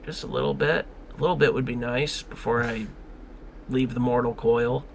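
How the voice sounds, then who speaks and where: A man's voice: medium pitch, steady tone, normal speed, creaky, a little hiss or hum. A man co-hosting a podcast, talking in an earnest, rambling way and swearing casually. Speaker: podcast co-host.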